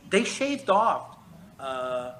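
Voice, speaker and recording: A man's voice: mid-range voice, very animated, a bit bright, slight background noise, low-quality recording. A man in a casual chat, telling long stories in a profane, emphatic way. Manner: profane, emphatic, fast storytelling. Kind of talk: casual chat, rambling monologue.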